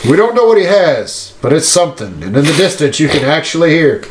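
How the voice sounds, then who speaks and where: A man's voice: on the high side, big pitch swings, a little fast, noisy background. A man in casual chat who speaks bluntly and emphatically, with plenty of swearing.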